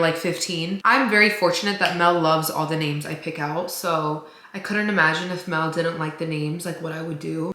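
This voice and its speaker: A woman's voice: lowish voice, pushed and bright, reverberant. A woman chatting casually while doing her makeup in a get-ready-with-me vlog, rambling with lots of fillers. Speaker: beauty vlogger.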